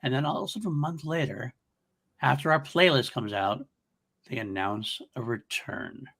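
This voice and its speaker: Male podcast co-host, bright and punchy tone, casual and rambly, quick to laugh, remote call recording. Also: mid-range voice, expressive, creaky, breathy edge. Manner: chatty, laughs often, rambling asides. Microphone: remote recording over an online studio.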